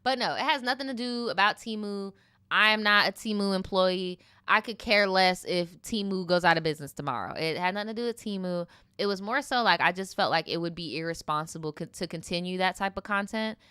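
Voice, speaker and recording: Bright, animated woman vlogging casually. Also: medium pitch, a little fast, smooth, no room sound, clean studio sound. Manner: animated storytelling, slangy, laughing asides. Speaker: mukbang vlogger. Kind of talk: casual chat while eating.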